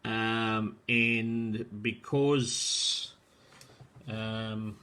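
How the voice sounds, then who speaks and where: A man's voice: fairly low pitch, steady tone, very slow, noisy background. A man hosting a live show, chatting casually, reading out viewer comments and rambling with lots of fillers and "mate". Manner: rambling, filler-heavy, friendly, calls people mate. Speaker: host of a live drag racing show.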